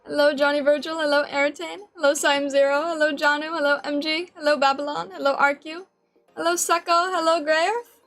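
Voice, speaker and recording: A woman's voice: high-pitched, little pitch movement, fairly quick, fairly bright tone, faint music behind. A woman streamer chatting casually with her live chat, bubbly and giggly, greeting viewers by name from a home desk mic. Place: home streaming room with a fan. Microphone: desk mic with noise filter.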